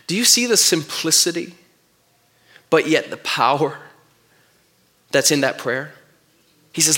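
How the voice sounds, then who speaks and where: Male pastor, expressive sermon storyteller, high and bright. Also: unhurried, long pauses. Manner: expressive storytelling, reads scripture aloud.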